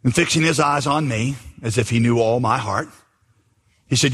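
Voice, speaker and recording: Casual storytelling pastor, guy with a raspy voice, reverb from a big room. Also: medium pitch, moderate pace, a bit bright. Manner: conversational storytelling, reads quotes aloud. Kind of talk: sermon.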